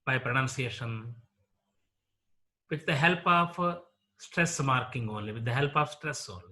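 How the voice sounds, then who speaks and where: A male college lecturer with an Indian English accent, teaching word stress slowly and deliberately, repeating each example word as a drill. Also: medium pitch, pushed and bright.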